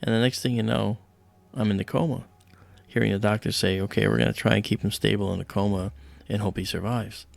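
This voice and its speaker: A man's voice: lowish voice, a little fast, creaky, dry recording. A man hosting a livestream, telling a personal story casually and animatedly, acting out the voices of people in it. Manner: animated retelling, acts out quoted voices. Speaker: livestream host.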